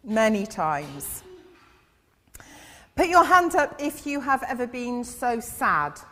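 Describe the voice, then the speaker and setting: A woman giving a gentle children's sermon in church, asking her listeners questions as she goes. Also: high voice, expressive, unhurried. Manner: gentle, asks the audience questions. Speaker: church speaker giving an all-age talk. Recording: long reverb in a big hall.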